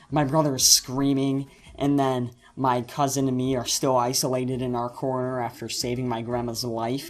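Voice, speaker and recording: Teen boy vlogger, mid-pitched, rambling storyteller over faint music. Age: teens. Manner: rambling, animated, self-correcting storyteller. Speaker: channel host. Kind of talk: casual storytime vlog.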